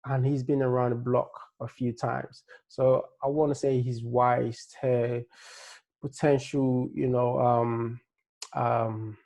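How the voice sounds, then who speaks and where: A relaxed man with a slight Nigerian-tinged accent talks through fight picks in a loose, rambling way. His voice is gravelly and low-key, and his pitch stays fairly flat as he hunts for words between fillers. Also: slow pace. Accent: Nigerian-tinged English. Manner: laid-back, rambling, many fillers and restarts. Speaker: MMA fight analyst. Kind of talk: casual fight-prediction breakdown.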